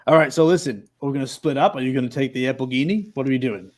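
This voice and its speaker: A man playing a tabletop role-playing game who jokes a lot and reacts with excitement. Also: mid-range voice, fast. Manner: excitable, joking, laughs often. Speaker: player. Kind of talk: casual tabletop play.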